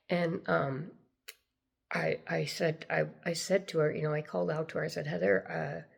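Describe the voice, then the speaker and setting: Older woman, deep gravelly voice. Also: steady tone, a little slow, long pauses. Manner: earnest, meandering, repeats herself. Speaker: spiritual storyteller. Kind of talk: personal storytelling to camera.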